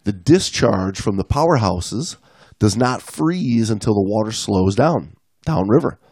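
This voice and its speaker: A man's voice: fairly low pitch, lively intonation, measured pace, a little mellow, slightly rough, no echo, studio quality. A man in his forties co-hosting a podcast, reading an article aloud and dropping in wry casual asides. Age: 40s. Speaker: podcast co-host.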